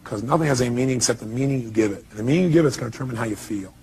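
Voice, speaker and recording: A man's voice: mid-range voice, rapid-fire, darkish tone, a little hiss or hum. A middle-aged man giving an emphatic seminar talk and firing rhetorical questions at his audience. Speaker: motivational speaker.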